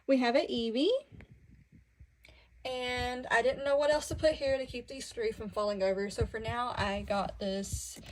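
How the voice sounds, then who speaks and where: Young Southern woman, slightly high, casual and chatty, self-deprecating vlog host, phone mic in a bedroom. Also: low-quality recording. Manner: chatty, self-deprecating, giggly asides to viewers. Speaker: book vlogger. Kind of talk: casual bookshelf tour. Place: bedroom at home. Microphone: phone camera.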